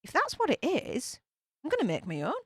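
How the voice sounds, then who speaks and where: Northern english lady streaming, chatty, laughs a lot, bouncy higher voice. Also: wildly swooping pitch, fairly quick, no room sound, clean studio sound. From England. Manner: chatty, laughs often, reads comments aloud. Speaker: YouTube commentary host reading live chat. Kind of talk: casual live-stream chat.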